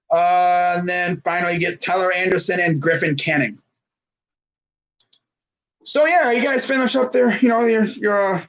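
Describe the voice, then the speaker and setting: A man's voice: high voice, fairly bright tone, low-quality recording. A man in his twenties chatting casually about sports on a stream, rambling with lots of fillers and self-corrections while reading live comments. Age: 20s.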